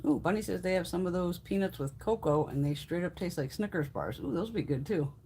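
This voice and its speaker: A woman's voice: lowish voice, expressive, a little fast, mellow, slight background noise. A woman in her fifties hosting a casual live stream, chatting and telling rambling stories, swearing freely. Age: 50s. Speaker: beauty live-stream host.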